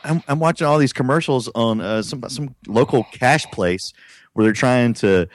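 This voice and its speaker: A man's voice: mid-range voice, moderate pace, no room sound, clean studio sound. A man co-hosting a podcast in casual chat, hesitant and careful to qualify what he says. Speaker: podcast co-host.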